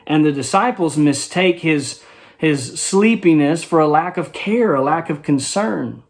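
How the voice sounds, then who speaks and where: Brief: male Bible study teacher, relaxed explanatory tone, voice sitting a bit high. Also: a little slow. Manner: conversational, explains verse by verse with rhetorical check-ins.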